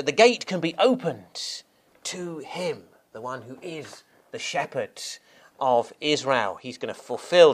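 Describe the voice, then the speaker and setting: Expressive male preacher. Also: on the high side. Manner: expressive delivery, stressing key words. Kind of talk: sermon.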